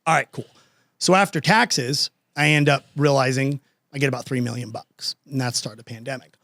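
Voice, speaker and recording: A man's voice: mid-range voice, fairly quick, bright, forceful tone, no echo, clean studio sound. A man telling a story as a podcast guest, casual and slangy, acting out both sides of conversations.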